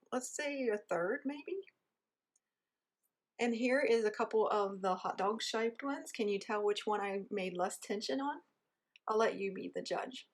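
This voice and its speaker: A woman with a rural Southern American accent, giving a casual, chatty how-to lesson while she shapes dough with her hands. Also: mid-range voice. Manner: chatty, self-deprecating, talks while kneading dough. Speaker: home baker teaching.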